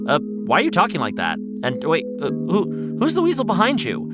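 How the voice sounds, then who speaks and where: A man hosting a children's storytelling podcast, talking in a bright, animated, playfully bewildered way. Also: high voice, moderate pace, few pauses, loud music behind the voice.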